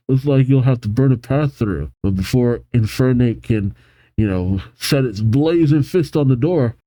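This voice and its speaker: A man reads comic panels aloud and reacts between them, getting excited about the characters. His voice is very dark and mellow. The recording is dry and close, with no room sound. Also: mid-range voice, dry recording, low-quality recording. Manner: animated, reads character lines with excitement, laughs often. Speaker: manga reaction host. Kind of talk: reading aloud with commentary.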